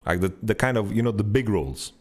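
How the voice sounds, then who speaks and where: A man hosting a podcast, telling a rambling story in an animated, sweary way and playing out his own thoughts. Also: a little fast. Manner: animated storytelling, swears freely, mimics himself with pitch jumps. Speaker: podcast host. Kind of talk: casual rambling monologue.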